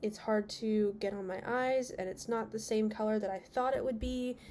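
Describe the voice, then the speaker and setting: A woman's voice: a little high, steady tone, normal speed, darkish tone, a little hiss or hum. A young woman, a beauty vlogger, chatting candidly through a makeup review and openly complaining about products.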